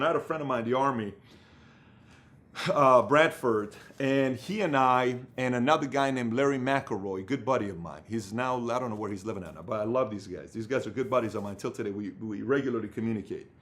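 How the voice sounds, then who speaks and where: Man leading a company, rambling storytelling tone, lots of "uh"s, medium pitch. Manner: animated, rambling storytelling with many fillers. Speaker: company leader giving business advice. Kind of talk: motivational business talk.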